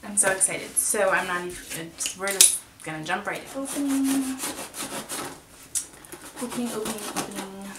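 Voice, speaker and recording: A woman's voice: medium pitch, fairly even intonation, normal speed, pauses often. A woman beauty vlogger unboxing a gift, gushing with breathless exclamations. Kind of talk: excited unboxing vlog. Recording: roomy, distant mic with background noise.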